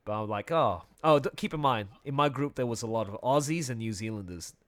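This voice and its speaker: Laughing, animated man telling a story. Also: medium pitch. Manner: animated, laughs often, quick restarts. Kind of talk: casual conversational storytelling.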